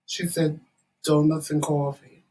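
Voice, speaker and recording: A man's voice: fairly high pitch, flat delivery, unhurried, warm tone, recorded from a distance, slight background noise, poor audio. A man from the northern United States co-hosting a casual chat, laid-back and teasing. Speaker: co-host.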